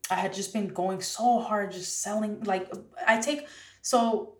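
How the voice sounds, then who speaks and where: A woman guest, an artist, telling a story in casual conversation, with lots of "like" and a lively, animated delivery. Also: medium pitch, unhurried. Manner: animated, heavy use of "like". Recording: roomy, distant from mic.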